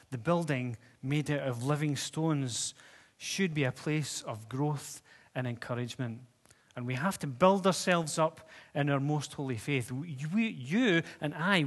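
A man preaching a sermon in a church, talking conversationally and putting questions to the congregation. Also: on the high side. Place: church hall with seats. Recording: long reverb of a church hall.

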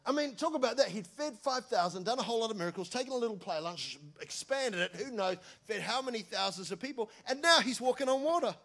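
A New man preaches with a lot of energy, telling the story in a loose, joking way and calling out to the room. His voice sits high for a man and has a gravelly, creaky edge. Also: quick pace, hardly any pauses. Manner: energetic, conversational, jokey storytelling. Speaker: pastor. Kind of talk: sermon.

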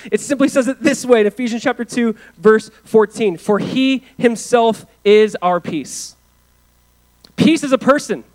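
This pastor's voice is high-pitched, and the recording quality is poor. His sermon swings from quiet earnestness to forceful, loud declarations, with offhand remarks and fillers scattered throughout.

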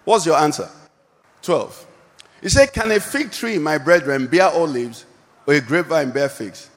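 A man's voice: fairly high pitch, animated, measured pace, long reverb tail. A male pastor preaching a sermon and calling out questions for the congregation to answer. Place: church hall.

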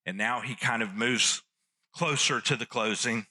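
A man's voice: medium pitch, a little slow, bright, forceful tone. A man preaching a sermon, teaching earnestly and repeating key phrases for emphasis. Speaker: pastor.

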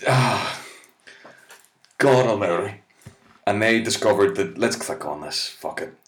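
A comedian reading web articles aloud with exasperated, sweary, mocking asides. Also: male voice, fairly low pitch, lively intonation, a little slow.

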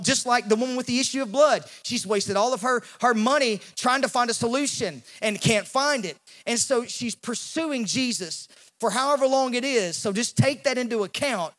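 A male pastor, preaching a sermon in an animated way and acting out the voices in the story. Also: extremely high pitch, normal speed. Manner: animated, acts out quoted voices, repeats words when he restarts.

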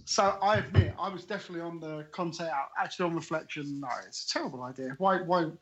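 A man's voice: on the high side, quick pace, a bit bright. A man co-hosting a casual podcast, talking through his opinions with enthusiasm and reconsidering them as he goes. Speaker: podcast co-host. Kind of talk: casual chat, football opinion. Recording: slightly dull audio.

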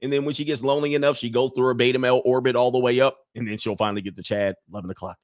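A man's voice: medium pitch, steady tone, rapid-fire, few pauses. A man in his forties or older hosting a live show and telling crude, slangy comic stories, now and then slipping into acted voices. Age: 40s or older. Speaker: show host. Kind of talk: casual comedic commentary on a live show.

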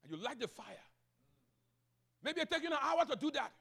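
High-voiced pastor preaching. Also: male voice, big pitch swings, fairly quick. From Liberia. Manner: swings between loud proclaiming and quiet asides, repeating phrases. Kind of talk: sermon.

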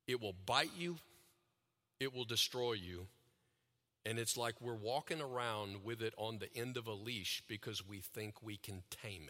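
Bright-voiced preacher man in a big hall. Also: medium pitch. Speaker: pastor. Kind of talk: sermon.

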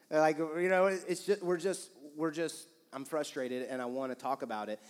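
Male pastor, casual animated sermon, slightly high voice, big hall reverb. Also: moderate pace. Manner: casual, animated, acts out quoted lines. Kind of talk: sermon with couple's banter. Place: church auditorium. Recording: long reverb of a church hall.

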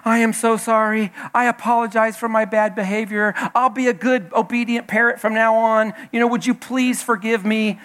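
A man's voice: sits high, fairly even intonation, moderate pace, few pauses, fairly bright tone, pitched above the performer's own voice. A man voicing a rude, insulting pet parrot in a joke told during a sermon, squawking taunts and then turning overly polite. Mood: apologetic. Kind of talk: acted quote in a joke.

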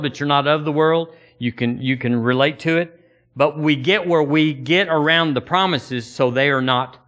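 A man's voice: mid-range voice, fairly bright tone. A man preaching a sermon to his congregation, folksy and conversational, often repeating words as he builds a point and quoting old-fashioned scripture. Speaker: pastor.

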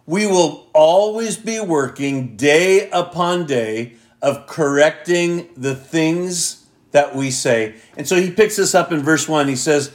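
A man preaching a sermon as a pastor, reading scripture slowly with deliberate emphasis and putting direct questions to his listeners. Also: on the high side. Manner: asks the congregation direct questions.

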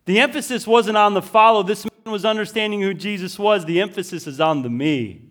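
High-voiced emphatic male pastor preaching. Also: brisk. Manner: emphatic preaching, repeating key words, swinging from loud to hushed; casual fillers like "listen" and "right?". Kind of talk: sermon.

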